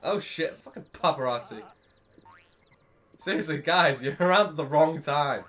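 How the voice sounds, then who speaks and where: A man's voice: fairly high pitch, normal speed, fairly bright tone, soft background music. A man commentating a video game with a friend, joking, laughing often and swearing freely. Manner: joking, giggly, swears a lot. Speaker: let's play host. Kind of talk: casual gameplay commentary.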